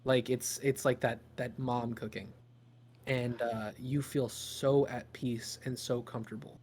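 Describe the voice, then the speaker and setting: A man's voice: medium pitch, level tone, a little mellow, slight background noise. Guy running a tabletop game on a podcast mic, lots of ums and restarts. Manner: halting, full of ums and restarts. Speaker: game master. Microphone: podcast microphone.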